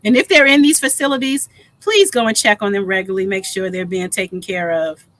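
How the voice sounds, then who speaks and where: A woman's voice: mid-range voice, a bit bright, no echo. A middle-aged woman in casual chat, agreeing readily and backing the others up. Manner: agreeable, quick to back others up.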